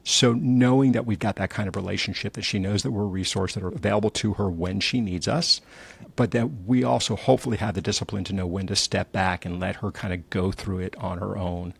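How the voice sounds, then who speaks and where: Middle-aged male guest, low husky rasp, lively anecdotes. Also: fairly quick. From New Jersey. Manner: animated storyteller, acts out quotes. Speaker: entrepreneur guest. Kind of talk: candid conversational storytelling.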